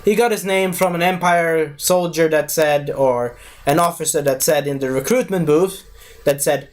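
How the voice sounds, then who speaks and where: Rambling man with a higher voice. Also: moderate pace. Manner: rambling, loses his thread and corrects himself. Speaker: movie reviewer. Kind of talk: casual spoken movie review.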